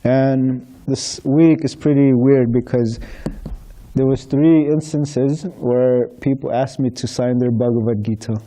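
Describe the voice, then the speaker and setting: A man's voice: mid-range voice, steady tone, unhurried, mellow. A man telling casual stories to a temple gathering, chatting through anecdotes full of quoted dialogue and light laughter. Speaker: book distributor sharing stories. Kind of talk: casual storytelling talk.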